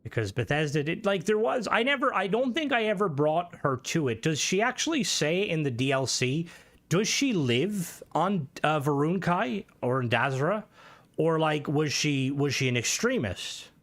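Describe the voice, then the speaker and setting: A man's voice: a little high, sing-song, normal speed, a bit bright. A man talks casually while streaming a game, rambling, swearing and restarting his sentences often. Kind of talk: casual gaming stream commentary.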